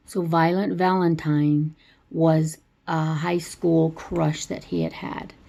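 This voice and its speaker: A woman chats her way through a movie plot, rambling and doubling back as she goes. Her voice is low, with a gravelly crackle and a mellow, dark tone. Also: flat delivery, takes it slowly. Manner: rambling, chatty storyteller. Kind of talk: casual movie plot retelling.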